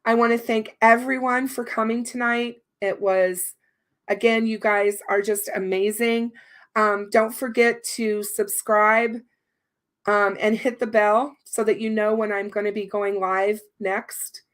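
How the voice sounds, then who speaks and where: A woman's voice: mid-range voice, little pitch movement, measured pace. A woman hosting a livestream in casual chat, her voice strained and worn, talking on with many fillers. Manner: chatty, warm thanks, many fillers. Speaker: livestream host.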